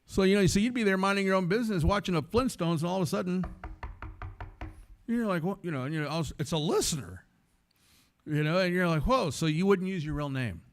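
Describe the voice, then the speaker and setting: A man from San Antonio with a fairly high voice gives a guest sermon as a string of stories. He talks in an animated, chatty way and slips into the voices of the people he describes. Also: brisk, soft background music. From San Antonio, Texas. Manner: animated, conversational storytelling that acts out the voices in it. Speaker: guest speaker, former radio host. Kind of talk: storytelling sermon talk.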